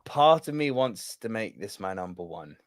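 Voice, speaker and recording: A young man co-hosting a casual podcast, talking in an animated, emphatic way with plenty of swearing. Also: fairly low pitch, moderate pace, no echo, clean studio sound. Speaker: podcast co-host.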